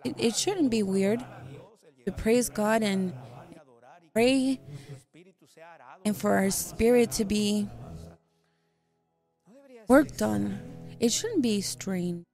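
A woman interpreting a sermon into English live, speaking in short measured phrases with a gravelly voice. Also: medium pitch, a little mellow, faint music behind.

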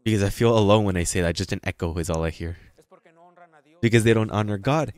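A man preaching a sermon as pastor, reading scripture slowly and breaking into sudden loud, emphatic passages. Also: lowish voice, no room sound. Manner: reads scripture aloud slowly and stresses it.

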